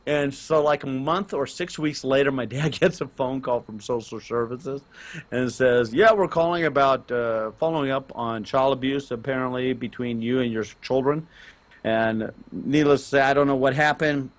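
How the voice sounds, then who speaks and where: A middle-aged man, telling a long personal story on a casual gaming podcast, rambling with restarts and getting loud on key points. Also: mid-range voice, normal speed. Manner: animated, rambling with restarts, rises loud on emphasis. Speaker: podcast co-host and parent.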